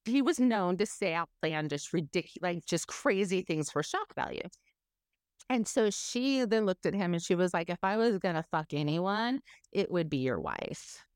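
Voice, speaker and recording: A woman's voice: lowish voice, big pitch swings, normal speed, smooth, no room sound, studio quality. A woman telling her own story in an interview, candid and emotional, swearing freely.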